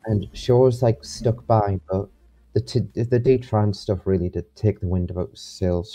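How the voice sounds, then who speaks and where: A man's voice: fairly low pitch, normal speed, mellow, faint music behind. A young man, rambling with many restarts as an interview guest. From England. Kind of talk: casual interview.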